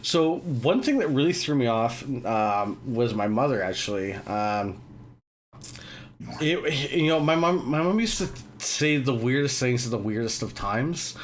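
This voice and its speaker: A man's voice: medium pitch, expressive, a little slow, slight background noise. A man with a British accent hosting a casual online chat and telling long rambling stories full of fillers and swearing. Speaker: host.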